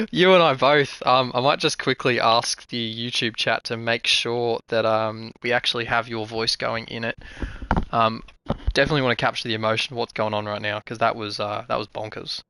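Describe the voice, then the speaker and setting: A man hosts and calls a live sim racing broadcast. His voice is bright and forceful. The sound is dead dry, right on the mic. He gets excitable and calls with rising urgency. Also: medium pitch, normal speed, clear, resonant tone, no echo. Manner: excitable, builds to shouting at the finish. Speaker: race commentator and host.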